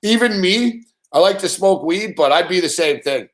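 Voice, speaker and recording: A man's voice: high voice, lively intonation, normal speed, fairly bright tone. A middle-aged man hosting a sports betting show, swearing constantly as he rants and tells stories, acting out the other people in them. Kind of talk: profane casual rant.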